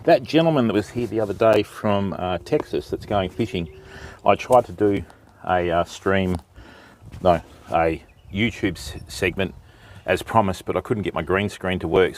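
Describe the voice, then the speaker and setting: A man's voice: low voice, animated, normal speed, darkish tone, a little hiss or hum. An older Australian man hosting a casual fishing livestream outdoors by the water, greeting viewers by name in a laid-back way. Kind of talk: casual live-stream chat.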